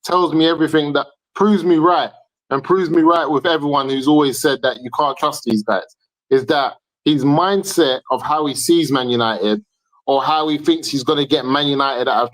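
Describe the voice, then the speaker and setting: A man's voice: fairly high pitch, normal speed, a bit bright, low-quality recording. A man arguing his point emphatically in a heated football debate, repeating himself for stress.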